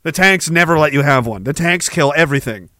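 A middle-aged man hosting a podcast, ranting with heavy profanity and jumping between war stories and shouted quotes. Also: a little high, animated, a little fast, dry recording. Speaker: podcast host. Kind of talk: ranting monologue.

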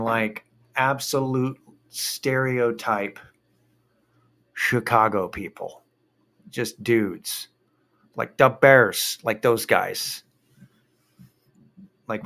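A man's voice: on the low side, a bit bright. A man telling a rambling story in a casual monologue, swearing freely and drifting into a rant.

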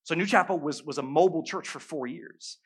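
Male pastor, middle-aged, sermon, humorous storytelling, bright tense tone, slightly high pitch. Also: brisk, breathy edge. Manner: animated, humorous storytelling that rises to loud bursts.

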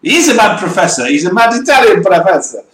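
A man's voice: high voice, very animated, fast, a bit bright, a little hiss or hum. A man co-hosting a casual motoring talk show, ranting and mocking mispronunciations in playful chat. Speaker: co-host. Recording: echoey room.

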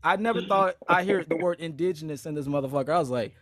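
A young man tells a loose, slang-heavy story, stacking "like" and "you know" between phrases. His voice sits a bit high. The sound is close and dry. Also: fast, a bit bright, dry recording. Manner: slangy, rambling storytelling with many fillers. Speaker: podcast host, aspiring actor. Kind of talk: casual chat.

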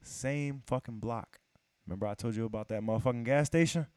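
A man telling a long story in casual chat, profane and animated, acting out what people said to him. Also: medium pitch, a little fast, no echo.

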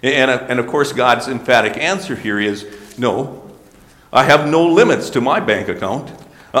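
A man's voice: mid-range voice, a bit bright. Man preaching in an echoey hall. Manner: earnest, explanatory, with small restarts. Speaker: pastor. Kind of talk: sermon. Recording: roomy hall with long reverb.

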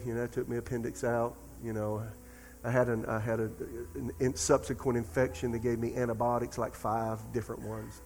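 A middle-aged male pastor preaching a sermon and telling a story in a lively, talk-to-the-congregation manner. His voice sits at an ordinary middle pitch. It rings out with a long church reverb from the sanctuary. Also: moderate pace, a little hiss or hum. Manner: storytelling, animated and conversational.

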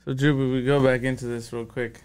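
Clear dry-voiced male podcast host. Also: medium pitch, level tone, brisk, darkish tone, dry recording. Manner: short prompting questions. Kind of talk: casual interview.

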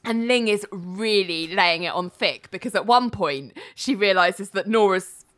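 A woman's voice: mid-range voice, measured pace. A woman casually recapping a TV episode with a co-host, acting out the characters' lines as she goes. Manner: animated retelling with mimicked character voices. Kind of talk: casual chat.

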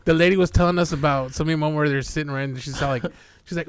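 Man, slightly high voice, eager, casual podcast chat, dry sound. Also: quick pace, smooth, dry recording. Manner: excited, chimes in. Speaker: podcast co-host.

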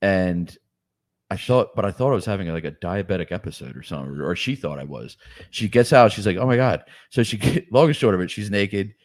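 A podcast host in his forties tells crude, rambling stories, swearing constantly and laughing often. His voice is low and sing-song, a little fast, with no echo.

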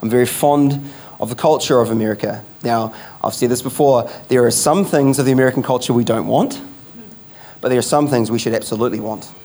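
A man's voice: mid-range voice, brisk, darkish tone. A man preaching a sermon as pastor, emphatic, repeating key phrases and asking rhetorical questions.

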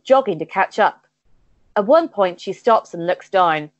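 A woman narrating an improvised comic adventure with playful deadpan timing. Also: medium pitch, normal speed, no echo, dull audio. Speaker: comedy guest and game narrator.

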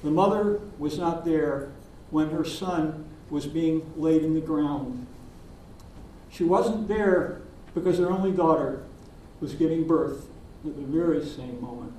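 An older man, a minister, giving a sermon in a gentle, reflective storytelling manner with pauses. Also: a little high, a little hiss or hum. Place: church sanctuary. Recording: distant voice in an echoey sanctuary.

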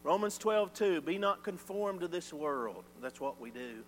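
A man preaching a sermon, swinging from loud emphatic lines to quiet ones. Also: fairly high pitch, lively intonation, measured pace. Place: church sanctuary. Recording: reverberant church hall with faint hum.

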